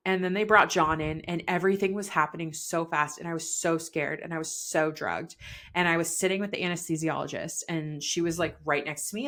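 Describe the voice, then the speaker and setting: A young woman telling a personal story in casual chat, peppered with "like" and laughs, quoting herself and others in animated bursts. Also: fairly low pitch. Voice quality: chatty, peppered with "like", laughs often. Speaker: podcast guest telling her birth story.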